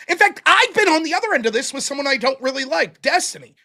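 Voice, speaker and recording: A high-pitched man ranting on his livestream, his voice swinging up and down as he mocks people. He sounds bright and cutting. He swears freely. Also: fast. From United States. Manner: animated ranting, profane, mimics others mockingly. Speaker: host. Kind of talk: casual livestream debate chat.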